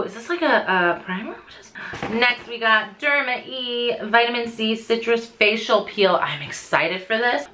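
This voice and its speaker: Gushing, bright-voiced woman beauty vlogger. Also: on the high side. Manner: gushing, excitable, frequent gasps. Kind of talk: casual unboxing vlog.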